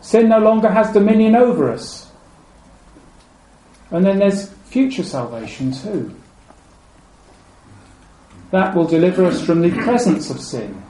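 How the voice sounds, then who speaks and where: A man with a high but warm, mellow voice gives a measured sermon. He repeats key phrases and lets them fall low and soft. The room is echoey, with faint ambient noise behind him. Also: expressive. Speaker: preacher.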